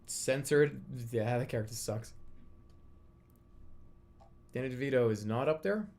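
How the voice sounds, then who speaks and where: A man's voice: mid-range voice, unhurried, darkish tone. A man streaming live, chatting casually and thinking aloud while he ranks things, his volume drifting up and down. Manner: musing aloud, drifting volume, brief laughs.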